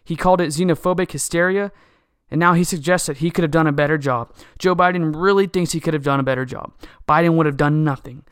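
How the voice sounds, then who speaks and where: A podcast host with a fairly high, smooth voice talks fast through a heated, indignant political rant that keeps returning to the same complaints. The recording is dry and studio quality.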